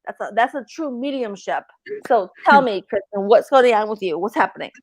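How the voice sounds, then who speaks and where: A woman's voice: on the high side, lively intonation, fairly quick, no echo. Emphatic swearing woman hosting a livestream. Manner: emphatic, swears freely, repeats herself. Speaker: livestream host and medium. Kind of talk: casual livestream chat.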